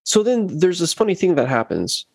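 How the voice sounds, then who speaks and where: A man in casual chat, telling a long story about a gig and acting out what others said in lively quoted voices. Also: sits high, brisk, gravelly, dry recording, clean studio sound. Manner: animated, acts out quotes of others. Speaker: bass player telling a story.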